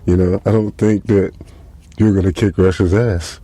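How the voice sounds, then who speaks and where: A man's voice: sits low, steady tone, moderate pace, dark tone. A man hosting a podcast, telling a comic story in a casual, profane, rambling way with lots of fillers. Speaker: podcast host. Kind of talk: comedic storytelling monologue.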